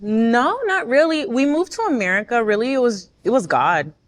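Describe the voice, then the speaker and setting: A young woman born in Nigeria and raised in the States, chatting as a guest and telling her story with animated laughs. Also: on the high side, moderate pace. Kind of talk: casual chat.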